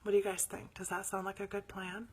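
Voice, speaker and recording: A woman hosting a live spiritual show, telling a story in a chatty, animated way and sometimes dropping to near whispers before leading a meditation. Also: medium pitch, fast, husky.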